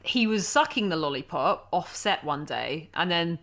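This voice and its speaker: A woman's voice: fairly low pitch, animated, normal speed, fairly bright tone. A woman hosting a paranormal podcast, chatting casually with her co-producer, laughing often and thinking aloud. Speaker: podcast host. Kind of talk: casual chat.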